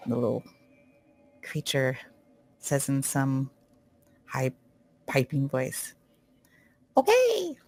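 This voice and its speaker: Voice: mid-range voice, level tone, takes it slowly, long pauses, faint music behind. A tabletop game player describing a character's moves in hesitant, casual speech and laughing at their own ideas. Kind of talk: casual play-by-play of a character's actions.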